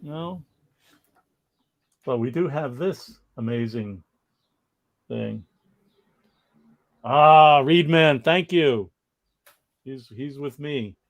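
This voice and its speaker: A gravelly-voiced man co-hosts a relaxed livestream, rambling from point to point. He reads viewer comments aloud and laughs often. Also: on the high side, very slow, long pauses. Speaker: co-host of a comics history livestream. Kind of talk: casual livestream chat.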